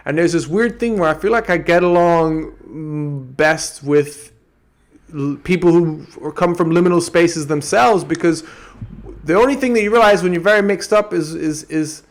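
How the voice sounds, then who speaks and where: A man from Antigua, his accent carrying an American tinge, hosts a podcast and thinks aloud in a wandering, reflective monologue. His voice sits fairly high and moves at a moderate pace, and he often meanders and restarts.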